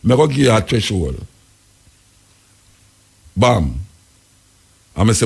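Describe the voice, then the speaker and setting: A Jamaican man hosts a radio talk show, rambling through the news in heavy patois. His voice is gravelly, with a husky edge. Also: lowish voice, very animated, slow. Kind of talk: casual on-air commentary.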